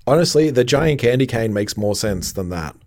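A man's voice: medium pitch, lively intonation, normal speed, a little mellow. A man co-hosting a casual podcast, recapping a TV episode with lots of laughter and playful mock indignation. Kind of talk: casual chat.

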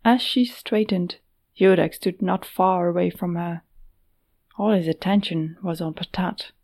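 Slow gravelly woman narrator. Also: lowish voice. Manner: measured, steady storytelling. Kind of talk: audiobook narration.

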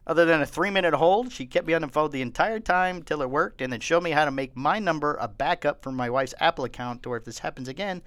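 Animated storytelling man, dry close mic. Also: fairly high pitch, fast talker, hardly any pauses, no room sound. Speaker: podcast co-host. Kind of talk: casual chat and read ad.

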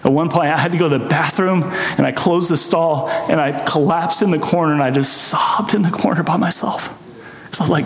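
A man's voice: a little high, brisk, gravelly. A man preaching a sermon, telling his own story with earnest, emotional intensity. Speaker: pastor. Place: church sanctuary. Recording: echoey hall with long reverb.

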